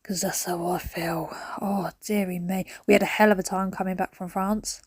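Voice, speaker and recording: A woman's voice: fairly low pitch, fairly even intonation, normal speed, a little mellow, husky, no room sound, studio quality. A woman, chatting through a cleaning vlog at home, rambling between stories and sudden whispered asides. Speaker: cleaning vlogger. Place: at home, indoors.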